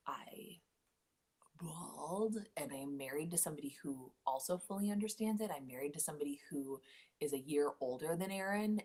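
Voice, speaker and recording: A woman's voice: deep voice, husky. A woman in her late thirties hosting a casual livestream chat from home, rambling and easily sidetracked. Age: late 30s. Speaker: podcast host.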